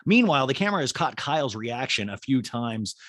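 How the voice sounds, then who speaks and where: A man hosting a podcast, recapping a reality show in an animated, jokey way with asides. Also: medium pitch, brisk, no echo. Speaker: podcast host. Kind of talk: comic TV recap.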